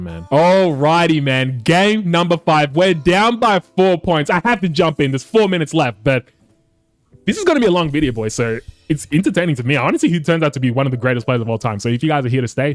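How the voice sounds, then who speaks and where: A man commentating his basketball video game for his viewers, excitable and swearing often, calling them boys. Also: a little high, no room sound. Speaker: gaming YouTuber.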